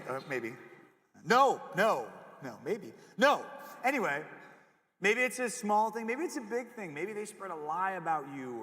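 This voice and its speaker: A young man giving a jokey, animated chapel sermon to middle schoolers, often acting out voices as he goes. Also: a little high. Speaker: youth pastor. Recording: echoey hall with long reverb.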